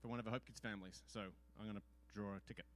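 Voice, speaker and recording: A man's voice: fairly low pitch, steady tone, racing. A man hosting an event, making loose, chatty announcements from the stage. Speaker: event host.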